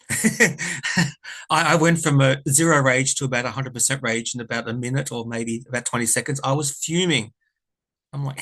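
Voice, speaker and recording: A man talks straight to his viewers in a loose, heartfelt storytelling way. He rambles, restarts and corrects himself, and lets his feelings show. His voice sits at an ordinary middle pitch for a man. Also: pushed and bright. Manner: rambling, self-correcting, earnest and emotional. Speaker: tarot reader and vlogger. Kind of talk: casual storytelling to camera.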